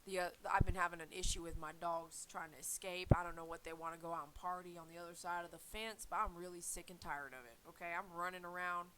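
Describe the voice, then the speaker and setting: A woman's voice: on the low side, steady tone, fast talker, hardly any pauses, pushed and bright, slight background noise, low-quality recording. A woman who grooms dogs, talking casually and earnestly to her viewers about faith, rambling and repeating herself. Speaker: dog groomer and channel host.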